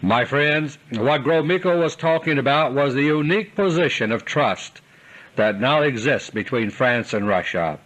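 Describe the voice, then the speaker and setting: A man delivering a scripted political commentary monologue in an earnest, deliberate way, slowing down for emphasis. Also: mid-range voice, expressive, fairly bright tone, dull audio. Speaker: commentator delivering a recorded audio letter.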